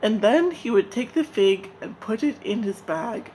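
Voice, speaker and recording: Woman from Nigeria reading a folk tale, slow and gentle, soft hiss behind. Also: a little high, animated, rough recording. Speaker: storyteller. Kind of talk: storybook narration.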